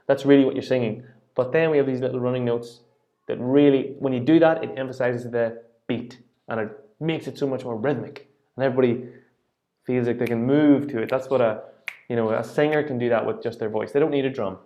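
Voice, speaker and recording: A man's voice: medium pitch, normal speed, darkish tone, lo-fi sound. A man teaching a singing lesson, patiently explaining rhythm and singing short phrases to demonstrate.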